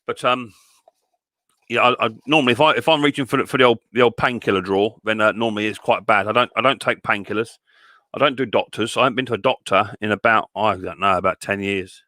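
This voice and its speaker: A man's voice: lowish voice, sharp tone, no echo, studio quality. A middle-aged man, hosting a casual livestream and chatting to viewers in a rambling way full of fillers and restarts. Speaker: livestream host and mower repairer.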